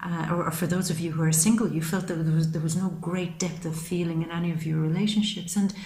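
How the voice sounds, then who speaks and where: Woman doing a tarot reading, lowish voice, earnest and flowy, kinda echoey room. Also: steady tone, fast, dark tone. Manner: earnest, flowing, repeats phrases for emphasis. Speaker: tarot reader. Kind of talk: monthly tarot reading to camera. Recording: roomy echo.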